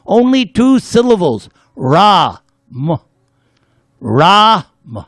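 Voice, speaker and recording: A man's voice: high voice, very animated, takes it slowly, pauses often, no room sound, clean studio sound. A man giving a devotional class lecture, telling stories with jokes and leading the audience in chanting. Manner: playful, leads the audience in call-and-response chanting; storytelling with jokes. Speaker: spiritual lecturer.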